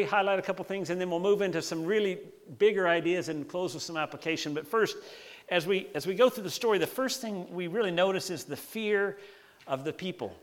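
A male pastor with a slightly raised pitch gives a sermon. He is casual and animated, and he drags out key phrases for emphasis. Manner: conversational, animated preaching with slowed emphasis.

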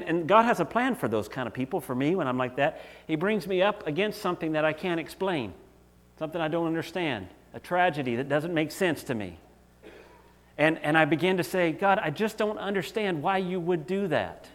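A middle-aged male pastor preaching a sermon in an earnest, conversational way, often acting out quoted voices. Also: a little high.

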